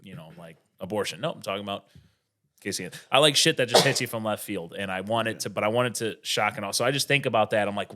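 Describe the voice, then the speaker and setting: A man's voice: lowish voice, quick pace, bright, forceful tone. A male stand-up comedian, a guest in a casual interview, rambling and swearing freely. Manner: rambling, profane, full of restarts.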